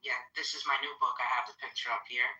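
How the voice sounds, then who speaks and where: A man gossiping in a casual chat, amused and quick to cut in. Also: medium pitch, level tone, reverberant, a loud crowd, rough recording.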